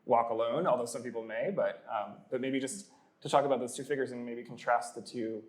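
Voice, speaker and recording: Male podcast host, middle pitch, searching and hesitant questions. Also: a little fast, roomy sound. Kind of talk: conversational interview.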